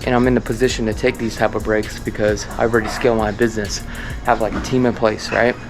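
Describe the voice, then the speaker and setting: A man's voice: lowish voice, flat delivery, fast, music in the background. A man, a real estate agent vlogging in a loose, rambling, motivational way. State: out of breath while walking. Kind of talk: casual vlog talk to camera.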